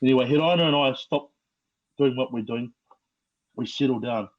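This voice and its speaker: A middle-aged man with a New Zealand accent, telling his life story as a podcast guest in a slow, reflective way with many fillers. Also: mid-range voice, highs cut off. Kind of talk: personal testimony.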